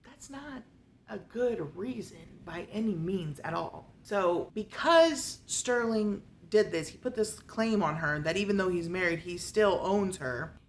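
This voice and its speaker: A woman giving a casual, sarcastic book review and retelling the plot with animated asides. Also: mid-range voice, measured pace, slight background noise.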